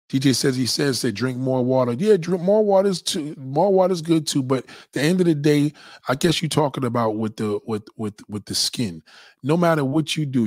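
A man's voice: mid-range voice, husky, dry recording, clean studio sound. A man hosting a livestream, giving a crude, profane rant in a blunt, lecturing way and reading out messages from his chat. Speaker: livestream host.

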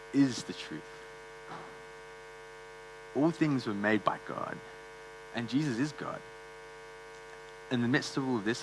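A man's voice: mid-range voice, noisy background. A man preaching a sermon in a church, earnest and conversational, with frequent fillers and restarts.

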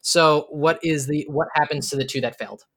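A game master narrating a tabletop game in a halting, amused way with many fillers. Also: medium pitch, fairly bright tone.

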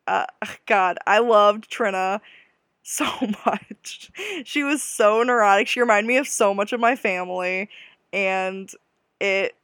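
A woman's voice: medium pitch, slow pace, fairly bright tone, dry recording, studio quality. Giggly young woman gushing on a podcast. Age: young adult. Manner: gushing, giggly, self-deprecating. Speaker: podcast host. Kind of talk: casual solo podcast chat.

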